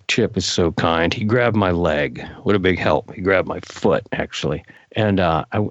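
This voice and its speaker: An older man, a guest in an interview, telling a story in a casual, animated way, his voice jumping up when he gets excited. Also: mid-range voice, dry recording. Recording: dull lo-fi recording.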